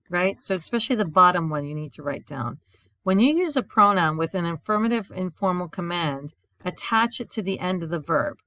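A woman's voice: on the low side, fairly bright tone, dry recording. A woman teaching a recorded language grammar lesson. She explains step by step, repeats a memory rhyme and often checks in with "right?". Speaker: Spanish teacher.

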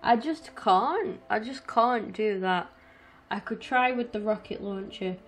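A woman's voice: mid-range voice, steady tone, unhurried. A woman in her twenties giving frustrated, heavily sworn let's-play commentary and talking to her viewers. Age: 20s. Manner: frustrated, swears constantly, talks to viewers. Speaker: gaming streamer.

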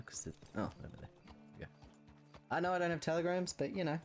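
Chatty man, lively pitch. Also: fast, faint music behind. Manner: rambling, chatty, laughs often. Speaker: game streamer. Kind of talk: casual out-of-character chat while playing.

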